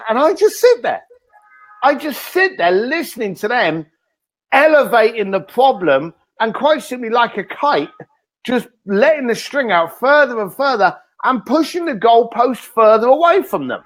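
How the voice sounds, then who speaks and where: A man, a guest author in an interview, telling energetic stories and acting out the lines he quotes. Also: extremely high pitch, normal speed. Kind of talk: animated interview talk.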